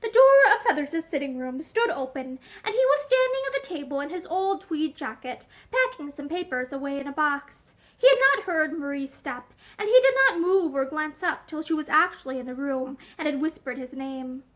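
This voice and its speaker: A woman reads a novel aloud in a steady, expressive voice, indoors in a room with bookshelves. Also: sits high, normal speed, few pauses. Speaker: narrator.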